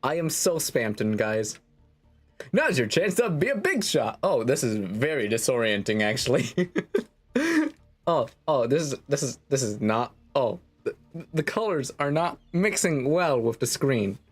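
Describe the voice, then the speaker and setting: A man's voice: medium pitch, sing-song, measured pace, breathy edge, faint music behind. A man streaming a game, chatting with his viewers in a playful, self-mocking way. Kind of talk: casual livestream chat.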